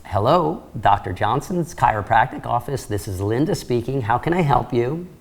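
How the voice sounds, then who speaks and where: A man's voice: medium pitch, expressive, moderate pace. A man voicing a friendly female office receptionist with a polite, cheerful phone greeting.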